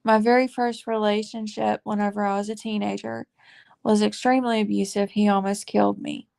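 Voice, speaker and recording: A woman in her forties shares a heartfelt faith testimony, close to tears. Her voice is deeply gravelly with heavy fry, and her pitch stays flat and level. She talks in an earnest, confiding way, halting with fillers. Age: 40s. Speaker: faith vlogger.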